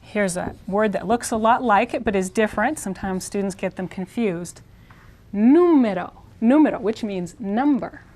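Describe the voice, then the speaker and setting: A woman teaching a language lesson, patiently repeating words slowly and clearly, writing on a board as she goes. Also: medium pitch. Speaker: Spanish teacher. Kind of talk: classroom pronunciation lesson.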